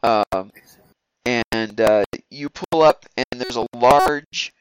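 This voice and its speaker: A man's voice: medium pitch, slow pace, a little hiss or hum, rough recording. A man narrating as game master of a tabletop game, rambling with many fillers and restarts.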